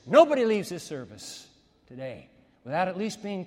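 A male pastor with a high, bright voice delivers a sermon in a church sanctuary. His words ring out with a long reverb tail. He moves from loud, emphatic declarations to hushed, almost whispered passages. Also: wildly swooping pitch, moderate pace.

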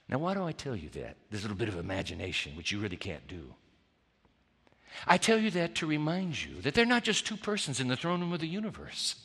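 Man preaching a story, bright lively voice, big hall reverb, goes loud then real quiet. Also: mid-range voice, fairly quick, slightly rough. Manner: dramatic, swings between loud and hushed. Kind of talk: storytelling sermon.

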